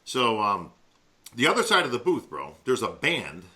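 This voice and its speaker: A man's voice: medium pitch, huge pitch swings, normal speed, sharp tone. A man co-hosting a podcast, talking casually and laid-back, often saying "bro". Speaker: podcast co-host. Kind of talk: casual chat.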